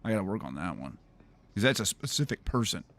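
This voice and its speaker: A low-voiced man riffing over his gameplay, his pitch bouncing all over as he jokes. He rambles, repeats himself and laughs at his own gags. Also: sing-song, quick pace, a bit bright. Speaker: gaming streamer. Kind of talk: casual gameplay commentary.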